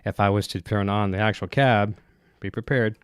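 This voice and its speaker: A man's voice: fairly low pitch, steady tone, moderate pace. A man with a cold, breathing heavily, hosting a guitar gear livestream from his home studio and chatting loosely with lots of fillers. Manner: rambling, many fillers and restarts. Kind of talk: casual live-stream chat, reading viewer comments. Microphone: dynamic broadcast mic close up.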